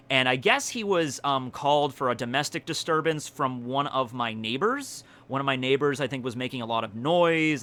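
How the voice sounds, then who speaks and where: A man in his twenties, a YouTuber, telling stories casually in an excitable way, swearing often and laughing along. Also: medium pitch. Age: 20s. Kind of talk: casual storytelling vlog.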